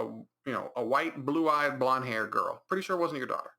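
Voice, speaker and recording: A man's voice: mid-range voice, normal speed, vocal fry, hardly any pauses, sharp tone. A man hosting a podcast, rambling through a mocking recap of a movie with many restarts and put-on reactions. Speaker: podcast host.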